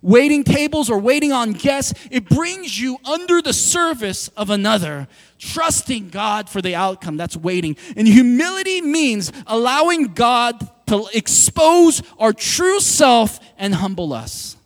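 A man preaching a sermon in a lively, conversational way, acting out quoted dialogue as he talks to the congregation. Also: very high voice, a little slow. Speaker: pastor. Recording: long hall reverb.

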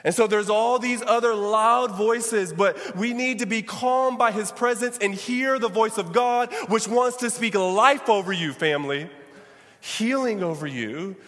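A man with a high, slightly bright voice preaches as pastor, calling out to the congregation. The recording carries the long reverb of the church sanctuary.

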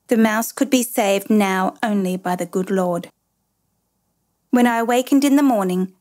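A woman reads a first-person storybook aloud in a lively, expressive voice. Her pitch sits in a middle range. She brings warmth and pacing to the tale. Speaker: narrator. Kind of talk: storybook reading.

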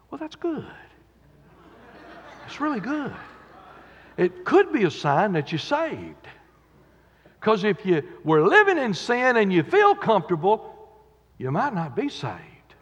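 A man preaching a sermon in a church, dramatically acting out quotes and swinging between loud and quiet. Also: sits high, wildly swooping pitch, measured pace, long pauses, husky. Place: church sanctuary. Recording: dull echoey church recording with long reverb.

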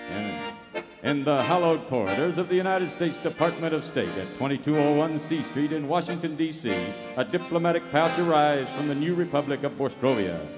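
A man announcing and narrating a live radio show, in a showman style, from a theater stage. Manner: booming showman announcing, then dry storytelling. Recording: live theater with reverb, audience and music.

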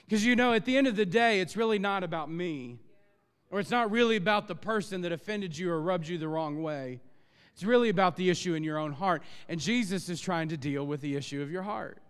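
A male pastor preaching a sermon, impassioned and emphatic, his voice building to loud peaks. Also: high-pitched, fairly quick, smooth. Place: church sanctuary. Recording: long church reverb.

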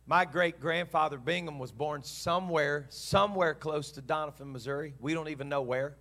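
A man's voice: fairly high pitch, normal speed, sharp tone. A man preaching a sermon, telling a story in an earnest, heartfelt way and voicing both sides of a dialogue. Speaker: pastor.

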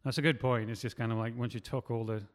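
A man's voice: mid-range voice, steady tone, fast talker, long reverb tail. A man who writes and produces films, talking in a loose, rambling way and often stopping to correct himself. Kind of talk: casual chat.

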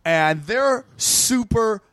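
A comedian guest on a podcast, telling rapid, profane stories and acting out quotes in casual chat. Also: male voice, high-pitched, dry recording, clean studio sound. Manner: rapid, profane, animated storytelling with acted-out quotes.

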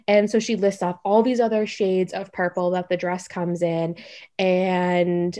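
A young woman telling a story in a casual, animated way, full of "like" fillers. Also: fairly low pitch, unhurried.

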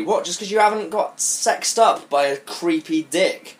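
A man's voice: high voice, a little slow, few pauses. A man co-hosting a comedy podcast, reading fan fiction aloud in a mock-melodramatic way, swearing, laughing and commenting between lines. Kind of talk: comic dramatic reading with commentary.

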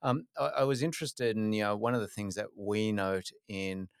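A man's voice: fairly low pitch, moderate pace, clean tone, dry recording, studio quality. A man hosting a podcast, asking long conversational questions. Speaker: podcast host. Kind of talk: interview questions.

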